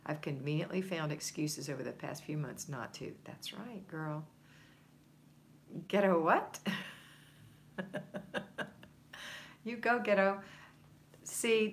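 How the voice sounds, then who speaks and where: Low-voiced woman coaching on a livestream. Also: slight background noise. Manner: encouraging, conversational, coaching tone. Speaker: home organizing coach. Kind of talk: livestream chat reading viewer comments.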